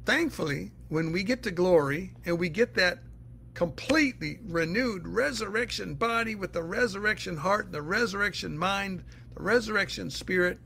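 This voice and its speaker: A man's voice: high-pitched, gravelly, sharp tone, a little hiss or hum. A man teaching the Bible in a casual, earnest way, answering listener questions and explaining step by step.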